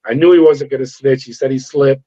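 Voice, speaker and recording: Middle-aged man, former guard, animated yarn-spinner; mellow, slightly raised pitch, lo-fi audio. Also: fairly quick. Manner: animated storyteller acting out dialogue. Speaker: former corrections officer. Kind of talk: storytelling interview. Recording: dull lo-fi sound.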